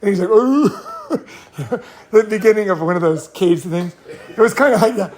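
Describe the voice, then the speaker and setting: A man from California hosts a laid-back session of stories and advice. His high-pitched, darkish voice runs a little fast as he rambles, laughs a lot, and swears.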